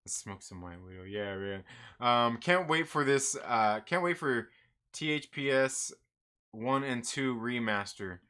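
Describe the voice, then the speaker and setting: Brief Man, live-stream comics host, bright tone, loose and profane, laughs a lot. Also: medium pitch, expressive, measured pace, smooth. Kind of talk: casual live-stream chat.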